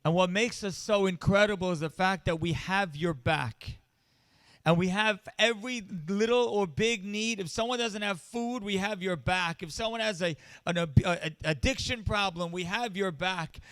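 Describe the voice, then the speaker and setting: Male charity-event speaker: high, smooth voice, close and dry, impassioned with building refrains. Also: moderate pace, a bit bright, no room sound. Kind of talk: inspirational event speech.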